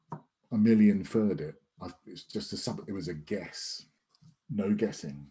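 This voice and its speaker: A man's voice: fairly low pitch, moderate pace, warm tone. A man teaching an online sales masterclass in a conversational, emphatic way, with frequent restarts and fillers. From United Kingdom. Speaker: sales trainer. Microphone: video call.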